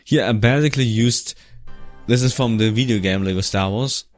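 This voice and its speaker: A man's voice: mid-range voice, normal speed, soft background music. A man talking casually about his old fan video, rambling and restarting his sentences as he goes. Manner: rambling, restarts often, laughs now and then. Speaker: vlogger.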